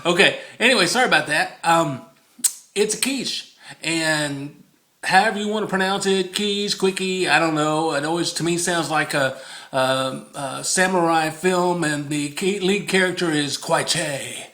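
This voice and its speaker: A man's voice: on the high side, a little slow, sharp tone. A man chatting casually through a home cooking video, rambling, easily distracted and laughing often, repeating the recipe in a sing-song.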